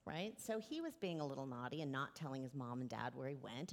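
A woman in her forties giving a children's sermon, gently asking the children questions and drawing them into the story. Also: a bass voice, sing-song, a little fast, few pauses. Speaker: children's message leader.

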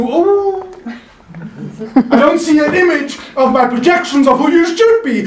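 A man preaching a sermon in a chapel, animated and playful, calling on the congregation to answer him. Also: extremely high pitch, measured pace, slight background noise. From South Africa. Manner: animated, playful, calls for audience response. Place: chapel in the mountains. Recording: echoey chapel, voice from a distance.

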